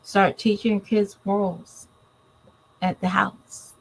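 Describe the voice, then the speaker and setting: A woman in her thirties talks with a drawl in a casual commentary vlog. She speaks plainly and bluntly to her viewers and scolds them without softening it. Her voice sits at an ordinary middle pitch. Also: level tone, slow pace, vocal fry, husky, poor audio. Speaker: commentary vlogger.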